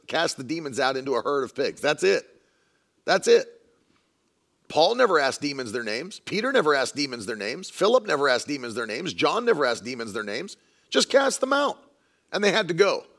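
Gravelly emphatic male preacher. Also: fairly high pitch, a bit bright. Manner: emphatic, repeats lines for stress, quotes others in mocking voices. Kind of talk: sermon.

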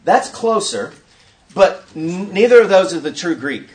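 A man leading an interactive teaching session at a conference, quizzing his audience in an animated way. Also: high voice, a little slow. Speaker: workshop teacher.

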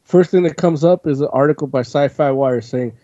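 A man with a dark, mellow tone rambles through a casual chat, swearing and packing his talk with "like". The sound is dry and close, on a dull, lo-fi recording. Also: on the high side, a little fast, no echo. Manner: rambling, profane, full of "like". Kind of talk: casual chat, recapping a comic. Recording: dull lo-fi audio.

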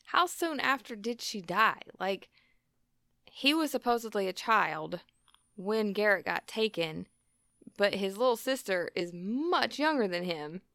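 A woman's voice: mid-range voice, lively intonation, measured pace, vocal fry, bright, forceful tone. A woman co-hosting a podcast talks casually and answers with blunt, skeptical remarks. Her voice sits close to the mic with no room echo. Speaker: podcast co-host. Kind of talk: casual conversation.

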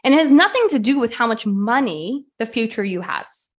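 A woman with a fairly high, expressive voice talks at a normal speed, hosting a motivational podcast from home with a puppy in the room. She's sweaty and a bit winded, coaching listeners candidly and energetically, with the occasional casual swear.

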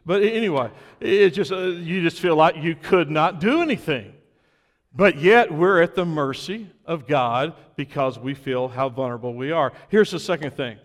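Pastor guy preaching, kinda high voice, gets loud and emphatic, big echoey church. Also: normal speed. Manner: earnest preaching, rising to emphatic peaks. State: recovering from illness, weak. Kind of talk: sermon.

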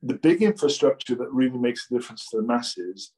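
A man's voice: medium pitch, animated, brisk, mellow, poor audio. A man, a financial planner, speaking plainly in casual conversation and repeating words as he starts over.

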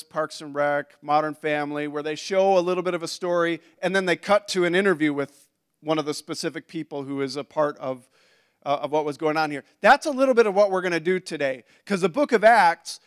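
A man's voice: high-pitched, smooth. A man preaching a conversational sermon to a congregation, with asides and restarts. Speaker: pastor.

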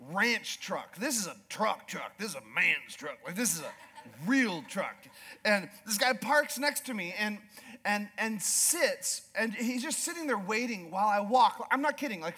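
High-voiced Alaskan pastor telling a story. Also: male voice. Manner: animated storyteller, acts out slow drawling voices. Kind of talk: sermon with personal story.

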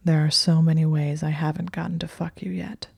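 In a whispered role-play, a woman puts on a commanding young man who murmurs in a husky, deep hush. The voice stays low and flat with a dark, mellow tone. It is recorded dry and close. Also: a little fast, no room sound, exaggerated voice.

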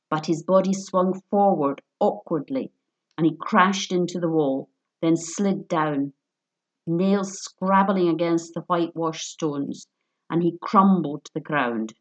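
A woman reading a story aloud in a measured, even narration. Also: lowish voice, dull audio.

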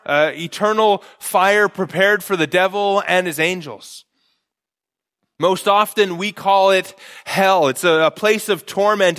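A male pastor preaching an earnest expository sermon, slowing down to stress key phrases. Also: sits high, bright, forceful tone.

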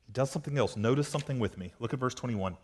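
A man preaching an expository sermon as pastor, emphatic and repetitive, asking rhetorical questions and swinging between loud and hushed. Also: mid-range voice, very fast, husky. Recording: long reverb of a large hall.

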